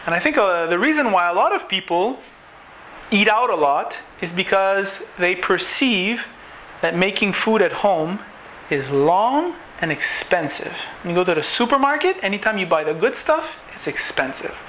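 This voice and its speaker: A man's voice: high-pitched, expressive, moderate pace, sharp tone, a little hiss or hum. Chatty man cooking. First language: French. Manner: chatty, rambling, full of fillers. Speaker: home cooking show host. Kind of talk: casual cooking demonstration.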